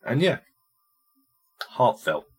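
A man co-hosting a podcast, sharing his reactions to music in a casual, hesitant way, with frequent restarts and filler sounds. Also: slow.

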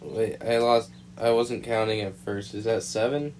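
A man's voice: fairly low pitch, fairly even intonation, measured pace, darkish tone, a little hiss or hum. A man co-hosting a podcast, chiming in with jokes and casual banter and swearing freely. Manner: joking, wisecracking interjections, swears freely. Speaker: podcast co-host.

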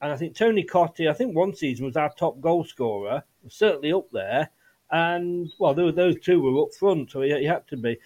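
Male podcast host, slightly high voice, rambling casual football talk, brief. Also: lively intonation, normal speed, a little mellow, highs cut off. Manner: rambling with frequent restarts and fillers.

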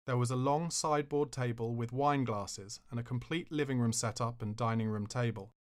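A man hosting a podcast, reading celebrity stories aloud in a measured, expressive way. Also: mid-range voice. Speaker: podcast host.

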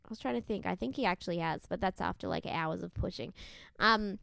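With a fairly low, creaky voice and a brisk pace, a woman co-hosts a podcast, casually recapping a TV show. She's chatty and laughs a lot, acting out the people she quotes in animated voices. The studio recording is clean, with no echo.

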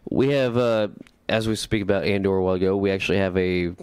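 A man with a very deep, smooth voice co-hosting a podcast. He talks easily, leaning on plenty of fillers. The sound is dry and close. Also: fast talker, a little mellow, no room sound. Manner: easygoing, with many fillers. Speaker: podcast co-host. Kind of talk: casual chat.

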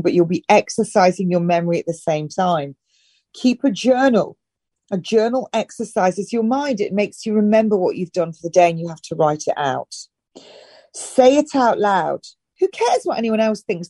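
Mellow-voiced woman giving brisk advice. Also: mid-range voice, dry recording, studio quality. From northern England. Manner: direct and emphatic, with brisk instructions. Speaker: health and wellness guest. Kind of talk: casual advice-giving interview talk.

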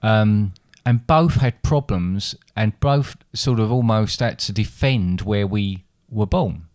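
A middle-aged Englishman with an Essex accent co-hosts a podcast in casual chat, his lowish voice slow and a little mellow in studio-quality sound with no echo. He tells stories in a rambling way, constantly interrupting himself.

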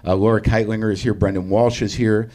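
A man's voice: lowish voice, steady tone, fairly quick, a little mellow. A man hosting a live comedy podcast, rambling through a profane, self-deprecating monologue on stage. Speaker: podcast host. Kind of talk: live stand-up-style monologue.

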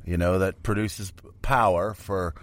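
A man's voice: low voice, steady tone, measured pace. A man from Canada, chatting casually as a podcast co-host, joking and swearing as he goes. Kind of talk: casual chat.

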